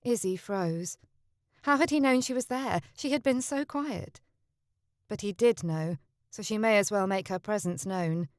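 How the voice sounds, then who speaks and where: A woman's voice: mid-range voice, unhurried, no room sound, clean studio sound. A woman narrating a historical romance audiobook, lifting her voice for the heroine.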